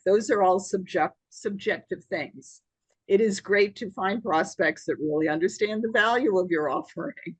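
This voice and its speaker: A woman's voice: mid-range voice, normal speed, slightly rough, no echo. A woman, a guest on a podcast, methodically explaining how to find sales prospects with concrete examples. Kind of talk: conversational podcast interview.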